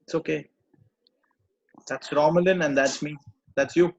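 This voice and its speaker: A man coaching a live group, gently repeating reassuring phrases. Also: a little high, fairly even intonation, measured pace, highs cut off. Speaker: personal growth coach.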